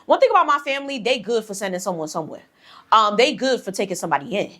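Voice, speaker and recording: A woman's voice: medium pitch, big pitch swings, rapid-fire, sharp tone. Young woman vlogger, blunt and profane, sassy storyteller in casual chat.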